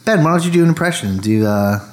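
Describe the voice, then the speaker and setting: A man co-hosting a casual podcast chat, relaxed and prompting his partner with questions. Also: fairly high pitch, fast. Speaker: podcast co-host.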